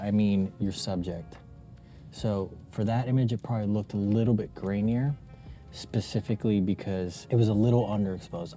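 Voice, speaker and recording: A young man mentoring a beginner in a casual teaching vlog, emphatic and animated, laughing often. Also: lowish voice.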